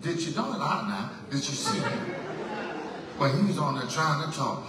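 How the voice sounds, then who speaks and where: A man's voice: a little high, big pitch swings, normal speed, far from the mic, very noisy. Man testifying in an echoey hall. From Mississippi, USA. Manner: folksy, playful storytelling that swells into shouted exhortation. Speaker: gospel singer giving a testimony on stage. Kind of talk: live testimony to a church concert crowd. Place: church hall stage during a concert. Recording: echoey live hall, mic heard from afar, music behind. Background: band music playing under the talk.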